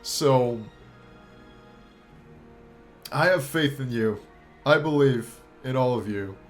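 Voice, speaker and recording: A young adult YouTuber gives his viewers a heartfelt farewell, his medium-pitched voice choked up and near tears. Emotional, he halts, pauses, trails off and restarts, swearing casually, while faint music plays softly underneath.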